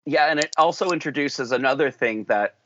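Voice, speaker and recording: A man's voice: mid-range voice, brisk, bright, forceful tone, slight background noise. A man hosting a podcast in casual chat, thinking aloud in long rambling runs. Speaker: podcast host. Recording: dull lo-fi dry sound.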